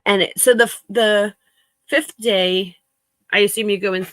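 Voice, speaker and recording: A woman with a mid-range, fairly bright voice speaks at a measured pace in a steady tone on a low-quality recording with no room sound. She chats casually with livestream viewers while she works, laughing often and greeting them by name.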